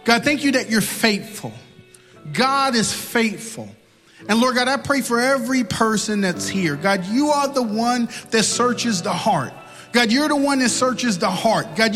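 A man's voice: very high-pitched, animated, unhurried, fairly bright tone, in a large hall, faint music behind. A man preaching and leading an altar-call prayer, building into impassioned, repetitive pleading. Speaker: pastor.

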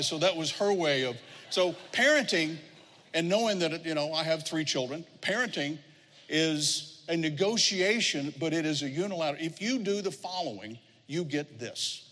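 A middle-aged man delivers a sermon from the pulpit, his voice sitting a little high for a man. He tells stories and slips into the voices of the people he quotes. The sound rings with the long reverb of a large hall. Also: animated, normal speed, a bit bright. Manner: storytelling, acts out quoted voices. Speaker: pastor.

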